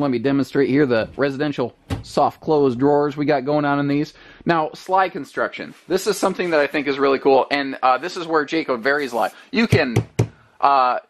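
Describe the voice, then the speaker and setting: A man giving an explanatory walkthrough of an RV from inside it, talking casually with frequent restarts. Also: a little high. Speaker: RV reviewer. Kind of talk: walkthrough demonstration.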